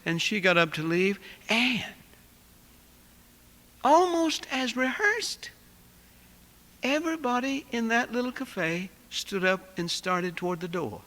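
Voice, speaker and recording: A male preacher tells a sermon story with a high, bright voice. He swings from loud bursts to near hushes, and the words ring with long reverb in a large hall. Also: lively intonation, moderate pace, few pauses. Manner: vivid storyteller with wide swings in loudness, dropping to a hush.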